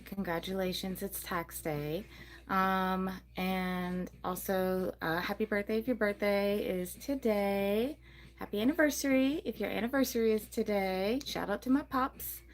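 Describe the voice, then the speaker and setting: A woman's voice: medium pitch, fairly even intonation, unhurried. A woman hosting a casual livestream about her gecko breeding business, chatty and rambling, cooing over her geckos. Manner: rambling with many ums and likes.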